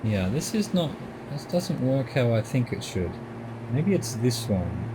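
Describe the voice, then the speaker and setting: A man's voice: mid-range voice, very animated, unhurried, noisy background. A middle-aged Australian man giving gameplay commentary as a streamer, musing and talking himself through what he is doing at home.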